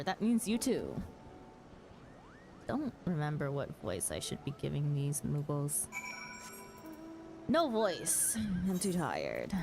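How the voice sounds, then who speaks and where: Lady streamer talking to chat, low-ish voice that bounces around a lot, giggly. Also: gravelly. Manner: giggly, casual, swears mildly, talks to chat. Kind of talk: live game stream commentary.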